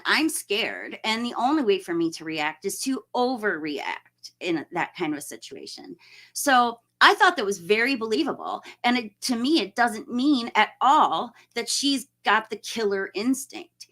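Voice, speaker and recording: A woman's voice: mid-range voice, a bit bright. A woman hosting a casual live stream, chatting and greeting viewers by name, laughing often.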